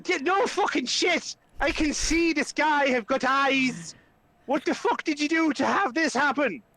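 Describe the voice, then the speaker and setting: A man's voice: a little high, normal speed, a bit bright, no room sound, natural voice. A man voicing a grumpy, foul-mouthed adventurer who rants and swears in exasperation. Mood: exasperated.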